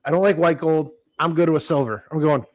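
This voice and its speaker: A man's voice: on the high side, a little fast, darkish tone. A man co-hosting a podcast in laid-back casual chat, often repeating words as he starts a thought. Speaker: podcast co-host.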